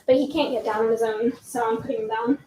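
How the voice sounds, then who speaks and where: A teenage girl hosts a casual livestream Q&A, rambling and giggling as she answers viewer questions. Her voice is slightly high with a steady, dark tone and a quick pace, and there's a little hiss or hum.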